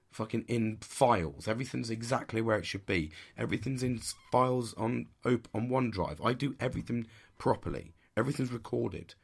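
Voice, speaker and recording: A low, gravelly man with a husky edge speaks in a candid podcast monologue. He is blunt and heavily profane, and he hammers each point with intense emphasis. Faint music plays underneath. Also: a bit bright. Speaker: podcast host.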